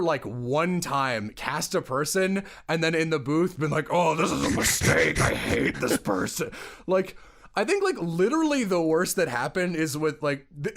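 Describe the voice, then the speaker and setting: Animated young man giving blunt advice. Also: on the high side. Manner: blunt, animated, repeats words when excited. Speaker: podcast co-host and voice director. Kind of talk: casual advice chat.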